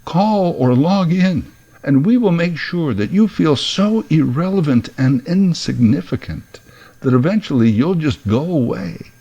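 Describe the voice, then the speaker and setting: A man's voice: on the high side, animated, unhurried, warm tone, highs cut off, pitched above the performer's own voice. A man putting on the voice of a smug corporate customer-service line that brushes callers off. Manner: falsely sweet, dismissive.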